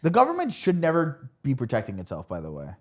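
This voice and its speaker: A man's voice: mid-range voice, wildly swooping pitch, quick pace. A young man co-hosting a podcast, chatting casually in a crude, joking way. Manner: crude, joking, riffs into mock impressions. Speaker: podcast co-host.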